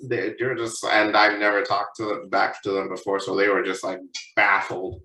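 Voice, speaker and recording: A man's voice: lowish voice, little pitch movement, moderate pace, hardly any pauses, pushed and bright. A young man co-hosting a podcast, telling a story in casual chat, swearing often and mimicking his parents. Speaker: podcast co-host. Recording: echoey room, picked up from a distance.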